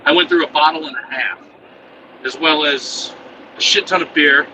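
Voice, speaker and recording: Guy rambling and cussing thru a story in his truck cab, loud engine noise, kinda far from the mic. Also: on the high side, normal speed. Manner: profane, rambling, chuckling. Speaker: vlogger telling a story. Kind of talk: casual storytelling.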